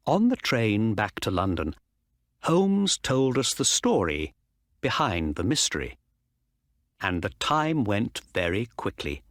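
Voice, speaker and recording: A man reading a story aloud for learners at a very slow, deliberate pace. His delivery is measured, with wide swings in pitch, and the recording is close and dry. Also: very animated, a bit bright, no room sound. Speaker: narrator.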